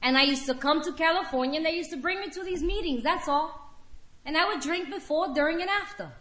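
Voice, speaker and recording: A woman's voice: high voice, brisk, fairly bright tone, roomy sound. A woman giving a candid personal share at a recovery meeting, telling her story frankly and with wry humor to a room of listeners.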